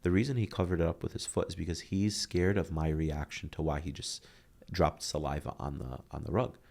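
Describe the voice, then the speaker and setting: A man's voice: very deep voice, fairly quick, vocal fry. A man in his thirties, a podcast guest, telling earnest stories and acting out quotes as he talks. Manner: earnest, animated storytelling with acted-out quotes. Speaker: guest, motivational speaker. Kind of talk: candid podcast conversation.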